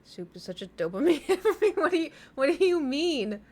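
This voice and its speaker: A woman's voice: high voice, big pitch swings, fairly quick, darkish tone. A young woman with a slight lisp from braces, chatting casually on a live stream and telling rambling, self-mocking stories with frequent laughter.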